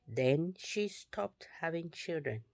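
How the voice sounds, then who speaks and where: Slow, deliberate woman reading scripture. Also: sits low, expressive, vocal fry, a little mellow, no room sound. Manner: slow, deliberate reading that drops to a whisper at times. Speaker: Bible reader.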